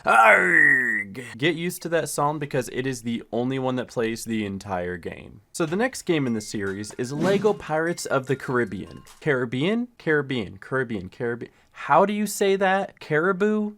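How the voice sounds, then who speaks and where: Lively jokey gaming YouTuber man. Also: medium pitch, normal speed, few pauses. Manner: sarcastic, jokey, bursts into exclamations. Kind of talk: video game retrospective commentary.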